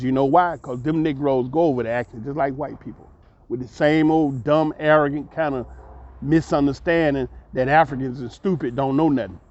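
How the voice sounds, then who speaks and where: A man telling a long personal story as a vlogger, animated and acting out the voices of the people in it. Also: a little high. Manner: animated, acts out voices, laughs mid-story. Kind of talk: storytelling monologue. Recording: dull lo-fi recording.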